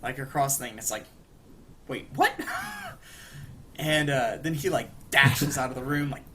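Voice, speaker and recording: A young man co-hosting a podcast, casually retelling a cartoon episode in a rambling way, with lots of fillers and quick put-on lines for the characters. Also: medium pitch, background noise. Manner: rambling, acts out quoted lines with animated bursts. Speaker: podcast co-host.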